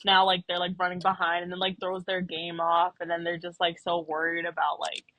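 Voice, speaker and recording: A woman who works at a salon, chatting casually on a podcast, excitable and full of fillers. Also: lowish voice, brisk, no echo, low-quality recording. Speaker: salon employee.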